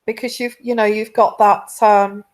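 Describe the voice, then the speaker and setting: A woman's voice: medium pitch, little pitch movement, normal speed, lightly acted. A woman doing an exasperated royal husband.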